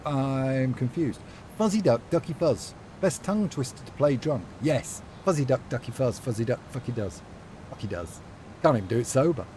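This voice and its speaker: Young guy live streaming, bouncy sing-song voice, kinda mellow, rambly and cheeky. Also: medium pitch, a little hiss or hum. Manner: playful, sassy, rambling with lots of fillers. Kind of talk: casual live-stream chat while gaming.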